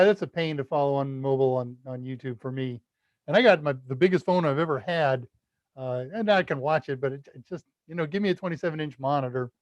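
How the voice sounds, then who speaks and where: A man from the United States runs a casual live Q&A, reading viewer comments and chuckling at his own quips. His voice sits a little high. The audio is dull and lo-fi, close and dry. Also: darkish tone, dry recording. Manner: chatty, self-deprecating, laughs at own jokes. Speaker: livestream Q&A host.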